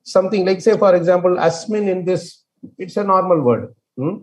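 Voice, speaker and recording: A man leading an online scripture class. He explains with many fillers and restarts and chants verses very slowly. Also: sits high, a little mellow. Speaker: scripture study teacher.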